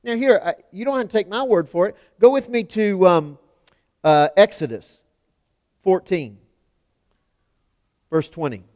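A man preaching a sermon in a church, emphatic, swinging from loud declarations to hushed lines. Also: sits high, expressive, a little slow, long pauses. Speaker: pastor. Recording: long hall reverb.

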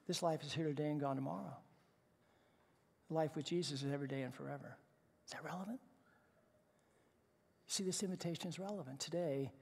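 A male pastor preaching a sermon in a conversational way, stumbling over repeated words and swinging from hushed to loud and emphatic. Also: a little high, vocal fry. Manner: conversational, with repeated false starts. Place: church sanctuary. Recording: reverberant church hall.

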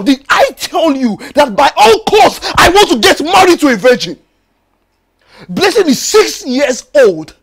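A betrayed, tearful young groom. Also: male voice, very high-pitched. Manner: tearful, accusing, bursts into shouts. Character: heartbroken young man confronting his deceiving bride-to-be. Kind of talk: Nollywood film drama acting.

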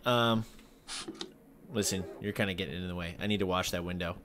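Joking low-voiced man playing a game. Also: fairly quick, slight background noise. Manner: joking, talks to viewers, sudden yelps and shouts. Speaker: gaming video host. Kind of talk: casual let's-play commentary.

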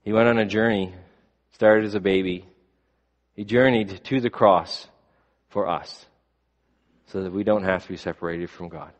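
A man preaching a sermon, telling a story in measured tones that fall soft at the ends of lines. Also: low voice, steady tone. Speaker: pastor. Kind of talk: sermon with a read-aloud story. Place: church sanctuary. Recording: long reverb of a church hall.

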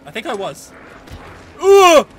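A man giving excitable, joking let's play commentary, often shouting and swearing at the game. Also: very high voice, slow pace, slight background noise. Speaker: gaming channel host.

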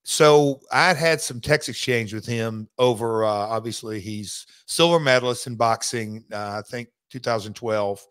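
A man hosting a podcast in casual chat, speaking haltingly and restarting often. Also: mid-range voice, a bit bright, smooth. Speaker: podcast host, former wrestler.

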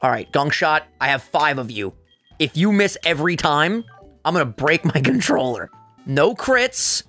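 Excitable young man calling a game. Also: soft background music. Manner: excitable, trash-talking, quick pitch jumps. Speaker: co-host gamer. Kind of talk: casual gaming commentary.

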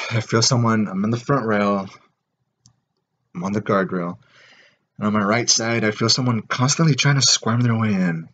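A man's voice: fairly low pitch, a bit bright. A man ranting casually to camera in a profane, rambling way, full of filler words. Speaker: vlogger. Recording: dull lo-fi recording.

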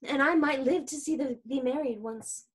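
A woman reading as a rambling old nurse who can't stop talking, crude and fond, a high, light voice that keeps breaking into giggles. A casual read-through of a play, not a polished performance. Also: normal speed, lightly acted. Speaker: reader.

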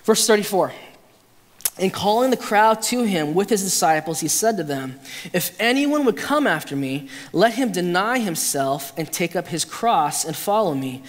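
High-pitched guy preaching a sermon, chatty and joking, church with echoey reverb. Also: expressive, normal speed. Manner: conversational and humorous, with restarts and acted-out quotes. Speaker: pastor. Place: church sanctuary. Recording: hall reverb.

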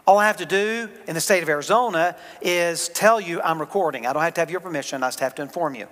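A man's voice: a little high, fast, fairly bright tone. A man with a Southern American accent, preaching a sermon as the pastor of his church in a conversational, joking way. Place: church sanctuary. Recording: long hall reverb.

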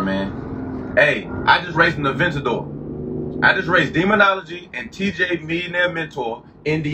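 A man's voice: sits high, sharp tone. A man vlogging from a drag strip, boasting and trash-talking his rival and repeating his brags. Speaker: YouTuber, drag racer. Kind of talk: hyped casual vlog talk. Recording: distant, dull lo-fi sound with faint noise.

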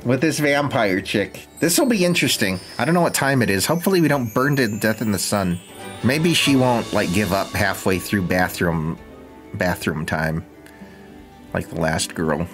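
A man's voice: lowish voice, animated, normal speed, fairly bright tone, faint music behind. A young man streaming a life-sim game, with casual, sarcastic, jokey commentary and frequent swearing.

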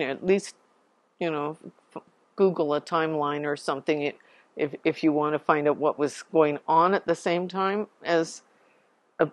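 A woman giving an informal public talk as a genealogy society speaker, chatty and digressive, clearing her throat now and then. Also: lowish voice, no echo.

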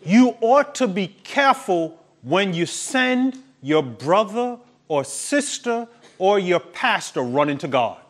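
A man's voice: high-pitched, very animated, takes it slowly, few pauses. A male pastor preaching a sermon with emphatic, preachy delivery and laughing at his own points.

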